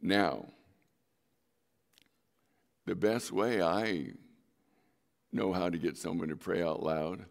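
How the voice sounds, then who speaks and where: A man's voice: on the low side, creaky. A middle-aged male pastor giving a sermon in a conversational storytelling way, with sudden emphatic rises in his voice.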